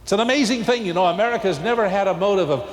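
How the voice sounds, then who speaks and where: A male pastor giving a televised sermon in a large church, folksy and animated with emphatic peaks. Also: high voice, racing. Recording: long cathedral echo, faint ambience.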